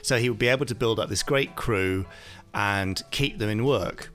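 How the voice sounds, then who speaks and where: A man talking as a podcast guest, thoughtful and hesitant with many pauses and fillers. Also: on the low side, a bit bright. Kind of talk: casual podcast talk.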